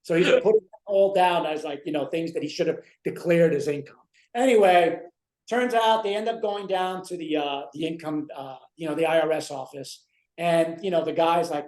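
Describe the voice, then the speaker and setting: A man's voice: a little high, moderate pace, a little mellow. A man in his forties co-hosting a casual chat, rambling with many fillers as he retells scenes. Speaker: co-host. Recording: roomy echo.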